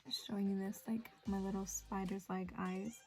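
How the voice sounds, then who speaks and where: A woman's voice: medium pitch, flat delivery, normal speed, mellow. A young woman, chatting casually and rambling through a make-up tutorial with many fillers. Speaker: beauty vlogger.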